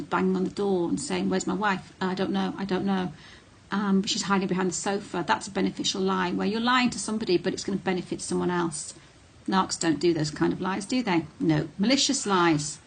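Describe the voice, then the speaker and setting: A woman's voice: medium pitch, steady tone, brisk, gravelly, hardly any pauses, slightly rough. A middle-aged woman talking casually to camera, blunt and candid, with frequent ums and restarts. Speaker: vlogger on narcissistic abuse.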